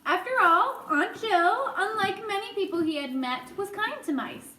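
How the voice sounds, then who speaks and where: A woman reads a children's novel aloud, expressive and breaking off for chatty asides. Her voice sits high, the room is echoey, and a faint hiss runs underneath. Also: unhurried. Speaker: storyteller.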